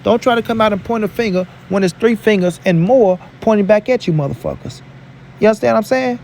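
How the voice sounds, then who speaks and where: A man's voice: high-pitched, fast, vocal fry, a little mellow, slight background noise. A man giving a heated, profane boxing opinion rant as a vlogger, hammering his points with repetition. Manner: profane, emphatic, repeats lines for punch.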